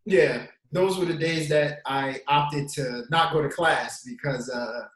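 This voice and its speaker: A man's voice: a little high, slow, a bit bright. A man co-hosting a podcast over a video call, chatting casually in a laid-back, joking way. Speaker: podcast co-host. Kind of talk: casual chat. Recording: echoey room.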